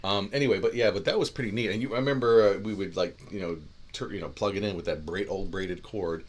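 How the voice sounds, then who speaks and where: A man's voice: low voice, quick pace. A man in his fifties with a Northeast Ohio accent, co-hosting a casual livestream and joking with side remarks. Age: 50s. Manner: joking, wanders off into asides. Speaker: podcast co-host.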